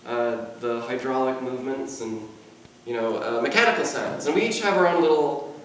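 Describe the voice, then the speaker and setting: A man's voice: mid-range voice, normal speed, a bit bright, slight background noise. Stammering man in an echoey hall. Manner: mild natural stutter, repeats words. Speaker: convention panelist, mime performer. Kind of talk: casual panel talk. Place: convention panel room. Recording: echoey hall, far from the mic.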